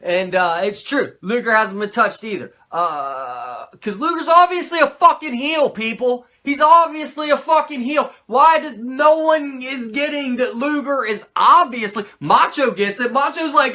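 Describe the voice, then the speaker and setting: A man hosting a podcast, recapping an old wrestling show in a profane, animated, rambling way. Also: very high-pitched, normal speed. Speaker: podcast host.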